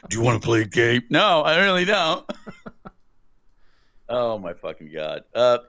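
A man co-hosting a horror podcast in crude, joking banter, often laughing and cursing, and swinging loud and high when riled. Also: wildly swooping pitch, a little slow, no echo. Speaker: podcast co-host. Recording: dull dry lo-fi sound.

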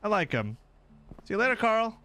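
A young man hosting a horror game playthrough, reacting excitably with shouts and laughs. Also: high voice, moderate pace, a little hiss or hum. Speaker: gaming video host.

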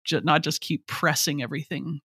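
A woman's voice: deep voice, steady tone, fairly quick, a bit bright, husky, no room sound, clean studio sound. A woman co-hosting a podcast, talking in a reflective, easygoing way. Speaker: podcast co-host. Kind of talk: casual chat.

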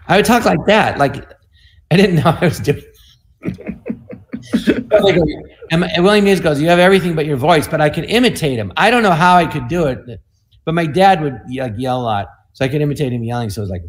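Comedian, male, 60s, casual anecdotes with quick voices, voice sits a touch high. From United States. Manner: animated, slips into quick impressions and voices. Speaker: comedian guest on an online panel. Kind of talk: casual storytelling.

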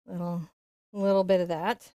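A woman's voice: fairly low pitch, flat delivery, moderate pace, no room sound, highs cut off. Chatty woman teaching painting. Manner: chatty and playful, quietly focused while painting. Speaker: painting instructor. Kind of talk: live-streamed painting lesson.

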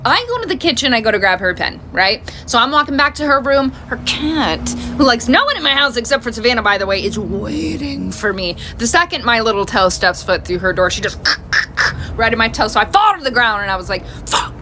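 A woman's voice: on the high side, animated, a little fast, bright, forceful tone. A middle-aged woman telling chatty family stories as a mom, acting out her kids' voices. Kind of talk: casual storytime. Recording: faint background noise.

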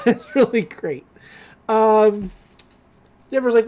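A woman's voice: medium pitch, animated, normal speed, a little mellow. A woman hosting a podcast, recapping a cartoon episode in a chatty, giggly way with lots of fillers. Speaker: podcast host.

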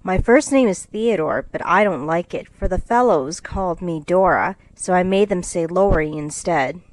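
A woman's voice: lowish voice, moderate pace, no room sound, natural voice. A woman reading the lines of a polite, good-natured teenage boy in a storybook reading. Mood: friendly.

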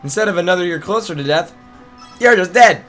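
A man's voice: high-pitched, lively intonation, fairly quick, soft background music. A man with a strained voice co-hosting a let's play, joking around and breaking into song. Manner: goofy, bursts into song and loud yells. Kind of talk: casual gaming commentary.

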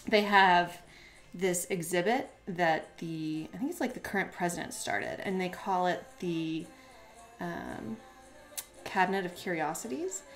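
A woman's voice: lowish voice, a little slow, faint music behind. A woman chatting casually while demonstrating a craft on a live stream, giggly and full of "like" fillers.

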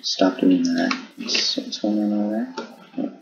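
Deep-voiced man rambling over gameplay. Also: steady tone, takes it slowly, gravelly. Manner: rambling, chatty self-narration with little laughs; speaking in a put-on deep voice. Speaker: gaming channel host. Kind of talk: casual gaming commentary. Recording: muffled recording with faint hiss.

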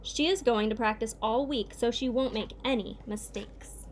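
A woman reading a children's picture book aloud in a steady, clear storytelling way. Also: on the high side, normal speed, slight background noise. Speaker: reader.

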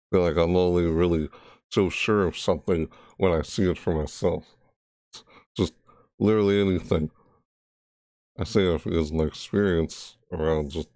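A man's voice: sits low, warm tone, dry recording, clean studio sound. A man giving casual, rambling commentary while playing a video game, often correcting himself and reading game text aloud. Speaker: gaming YouTuber.

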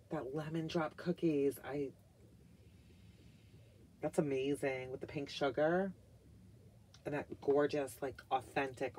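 A woman's voice: very deep voice, a little mellow, a little hiss or hum. A middle-aged woman chatting in a casual haul vlog, gushing and full of filler words, sometimes dropping to a whisper. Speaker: vlogger reviewing wax melts.

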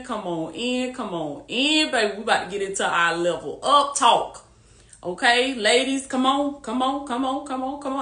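A faith-based life coach with a bright voice on the high side hosts a casual livestream pep talk via phone or webcam, in an echoey room. Warm-hearted and preachy, she rallies her audience, repeats points, and laughs often.

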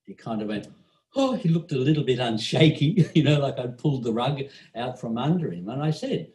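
A man's voice: mid-range voice, big pitch swings, a little fast, dark tone. A man from Australia, a meditation teacher telling an anecdote in conversation, chuckling often and filling his talk with "you know". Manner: chuckling storyteller with frequent "you know" fillers. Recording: echoey room.

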